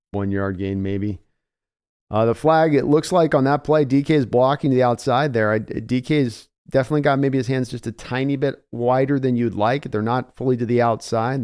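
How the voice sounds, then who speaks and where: A man's voice: mid-range voice, a little mellow, smooth. A man giving fan play-by-play commentary on a live game, talking conversationally with his early morning voice and climbing in energy when a big play breaks. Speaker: live reaction host.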